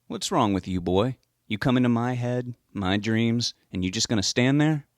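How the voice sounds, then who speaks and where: A man performing a huge, sadistic killer who drawls in a Southern accent and mocks his victim. The voice sits low and close, recorded dry, in an audiobook reading. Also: brisk, dry recording, lightly acted. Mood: taunting. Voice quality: drawling, mocking. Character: towering male serial killer, taunting and sadistic.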